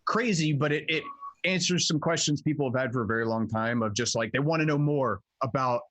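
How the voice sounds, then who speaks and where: A man's voice: mid-range voice, a little fast, fairly bright tone, no room sound. A man, a tabletop game player, chatting casually at home, rambling with many fillers and swearing. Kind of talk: casual chat.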